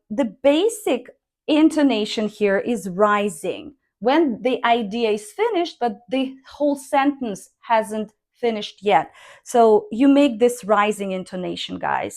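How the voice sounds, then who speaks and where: An English-speaking teacher, a woman with a fairly high voice, gives an online language lesson. She speaks slowly and deliberately, reading sentences aloud to model intonation.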